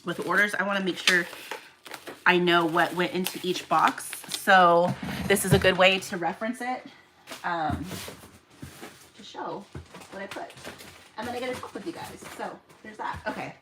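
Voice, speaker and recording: A woman's voice: on the low side, normal speed, pauses often, noisy background. A woman hosting a casual livestream as she packs orders, chatting and rambling off on tangents while talking to her viewers by name. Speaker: online reseller livestream host.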